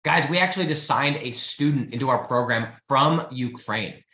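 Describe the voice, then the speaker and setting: On his live business show, a host with a mid-range voice speaks at normal speed in a reverberant space. It's a motivational live-stream talk: casual, energetic, almost pleading, as he pushes listeners to get started and leans on "guys" and "freaking."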